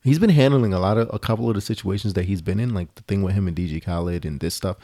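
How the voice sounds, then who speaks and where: Gravelly low-voiced man chatting casually. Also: fast, warm tone, no echo, clean studio sound. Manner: rambling, opinionated, frequent "like" fillers. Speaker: podcast co-host. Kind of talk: casual chat.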